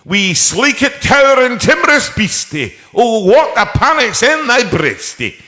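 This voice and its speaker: A man putting on a Scottish woman who loudly recites verse in a Scottish accent. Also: big pitch swings, measured pace, full character voice. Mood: declaiming. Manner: loud, high, theatrical recital.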